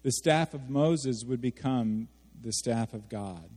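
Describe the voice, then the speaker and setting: Man, pastor, sermon, animated, asks the crowd questions, mid-pitched, long church-hall reverb. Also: takes it slowly, slightly rough. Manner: animated, asks the audience questions, acts out quotes.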